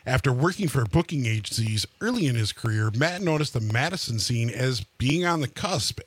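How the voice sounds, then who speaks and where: A male radio host delivers a smooth, scripted introduction from the studio. His voice sits at a middle pitch. The sound is dry and close to the mic. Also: a bit bright, no echo. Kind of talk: radio show hosting, read introduction.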